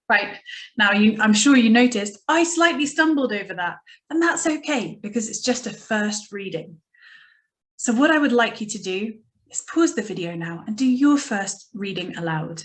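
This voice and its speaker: A woman teacher with a slightly high voice gives a recorded lesson. She explains patiently and encourages her students. When she reads the poem she slows right down and makes it dramatic. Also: animated, a bit bright.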